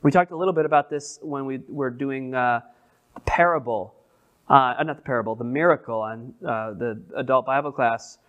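A man's voice: medium pitch, narrow, tinny audio. A male pastor leading an evening Bible study, asking his group questions and often restarting his sentences. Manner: conversational, asks the group questions; halting restarts, many repeated words.

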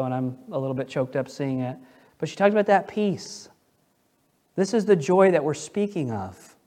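A middle-aged male pastor preaching a sermon in a conversational way, dropping to a hush and then building to loud, emphatic stretches. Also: high voice.

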